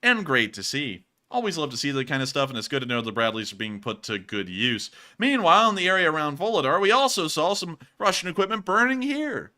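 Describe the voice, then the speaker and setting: A man's voice: on the high side, big pitch swings, fairly quick, hardly any pauses, pushed and bright. A man giving casual, joking commentary on video clips as a show host, breaking into laughs and mock voices. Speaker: war news commentator.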